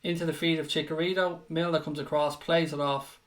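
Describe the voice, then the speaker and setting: A man hosting a live football watchalong, commentating in a frustrated, sweary way with bursts of shouting. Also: fairly high pitch, little pitch movement, brisk. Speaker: watchalong host. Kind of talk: live fan reaction commentary.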